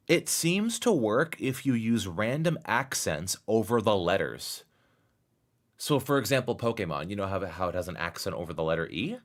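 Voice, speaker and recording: Young man streamer, lively low voice. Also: normal speed. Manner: swings from muttering to excited exclamations. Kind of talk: live stream chat with viewers.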